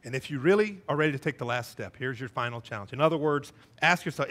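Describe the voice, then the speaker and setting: A middle-aged man preaching a sermon as a church pastor, animated, acting out quoted voices with wide swings in pitch. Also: fast, few pauses. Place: church sanctuary.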